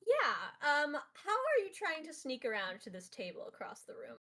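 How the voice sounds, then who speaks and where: A woman narrating as game master of a tabletop game, with lively narration full of fillers. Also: high-pitched, moderate pace.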